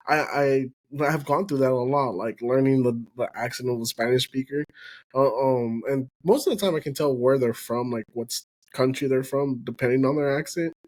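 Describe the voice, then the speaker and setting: A man hosts a relaxed podcast conversation in a mid-range voice. He keeps nodding along with agreeing sounds and quick laughs before asking his next question. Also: medium pitch. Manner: affirming, frequent "mm-hmm" and laughs. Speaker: podcast host. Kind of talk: casual interview chat.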